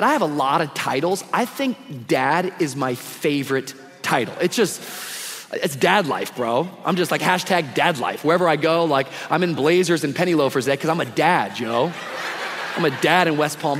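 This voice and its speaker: High-voiced casual man preaching in a hall. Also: animated, moderate pace, fairly bright tone, slight background noise. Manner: casual and slangy, preaching with energy. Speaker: guest pastor. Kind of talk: live sermon. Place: church sanctuary with a congregation. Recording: long reverb of a big hall.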